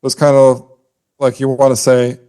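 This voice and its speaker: A man's voice: medium pitch, monotone, moderate pace, mellow, smooth. A man co-hosting a podcast, explaining poetic meter in a casual, scholarly way and humming out rhythms with his voice. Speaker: podcast co-host.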